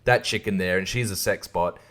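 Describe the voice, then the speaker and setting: A young man hosting a solo podcast, rambling, swearing and laughing, sliding from mumbles into loud outbursts. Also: sits low, fairly quick. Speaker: podcast host.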